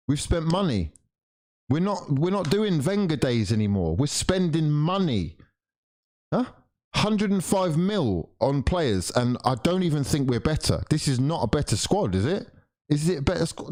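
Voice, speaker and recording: A young man ranting and swearing as he streams a live football watchalong, exasperated at his team. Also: unhurried. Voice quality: lively swings of pitch and loudness.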